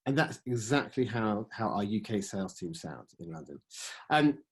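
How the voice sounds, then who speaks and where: A man in his forties giving a business presentation on podcast advertising, pitching products with frequent fillers and sentences that trail off. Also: animated, normal speed, slightly rough. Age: 40s. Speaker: ad sales presenter.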